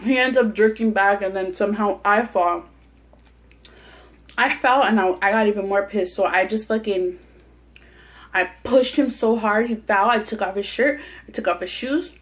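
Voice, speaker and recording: A woman's voice: medium pitch, normal speed. Young woman eating n ranting thru a story, swears a lot, keeps restarting, chatty mukbang vibe. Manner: profane, heated anecdote with many restarts. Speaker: mukbang vlogger. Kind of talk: casual storytelling while eating.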